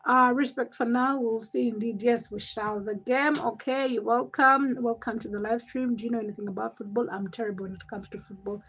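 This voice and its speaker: Ugandan woman, livestream host, high bright voice, chatty and teasing with her chat. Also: steady tone, breathy edge, rough recording. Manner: chatty and teasing, quick comebacks to viewers. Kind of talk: casual live-chat stream, reading and answering viewer comments.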